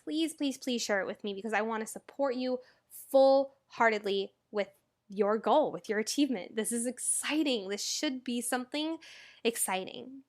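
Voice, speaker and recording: A young woman hosts a motivational podcast in an earnest, chatty monologue full of casual asides. Her voice sits a little higher than most women's. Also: normal speed. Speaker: podcast host.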